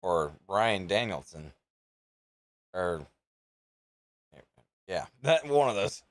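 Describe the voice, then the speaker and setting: A man hosting a live reaction stream, chatting casually and thinking out loud with offhand, rambling asides. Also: low-pitched, sing-song, very slow, no room sound, clean studio sound. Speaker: live reaction show host.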